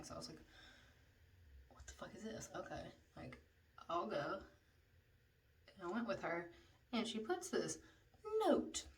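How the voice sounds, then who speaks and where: A woman's voice: mid-range voice, fairly bright tone, far from the mic, a little hiss or hum. A young woman telling a story in a casual vlog while doing her makeup, chatty and profane, with lots of "like". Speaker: beauty vlogger telling a story.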